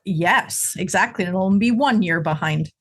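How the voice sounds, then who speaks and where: A woman's voice: fairly low pitch, measured pace, husky. A young woman co-hosting a music podcast, chatting casually and giving blunt, matter-of-fact opinions. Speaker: podcast co-host. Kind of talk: casual chat.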